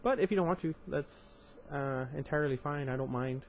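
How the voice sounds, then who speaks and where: A man's voice: on the high side, normal speed, a little hiss or hum. A young man reading a novel aloud on his channel, breaking off into casual, chatty asides with fillers and restarts. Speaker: audiobook reader and channel host. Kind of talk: amateur book reading with commentary.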